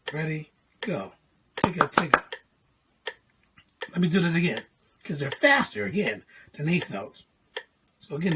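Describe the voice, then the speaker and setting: A woman's voice: lowish voice, a little hiss or hum. A woman teaching a music lesson, patiently explaining note values and counting in before chanting syllables. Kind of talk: classroom lesson video.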